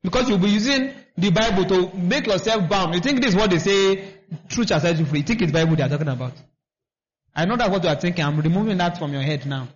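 A man's voice: high-pitched, animated, fast talker. A man preaching a sermon, repeating himself and asking the congregation to finish his lines. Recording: dull lo-fi recording.

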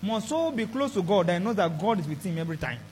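A man's voice: sits high, very animated, fast talker, darkish tone, husky, rough recording. A man preaching a sermon with emphatic delivery, throwing call-and-response questions to the congregation. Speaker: pastor.

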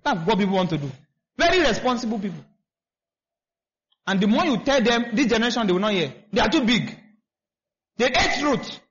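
High-voiced preacher, lo-fi. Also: male voice, very animated, brisk, pauses often, fairly bright tone. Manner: repetitive, asks the congregation to finish his lines. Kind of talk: sermon. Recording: dull lo-fi recording.

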